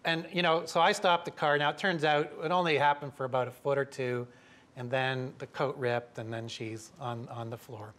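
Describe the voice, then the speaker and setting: A middle-aged man from Canada telling a lively story to an audience, acting out the voices of the people in it. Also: medium pitch, normal speed. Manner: lively, acts out quoted voices. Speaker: professor telling a story at a talk.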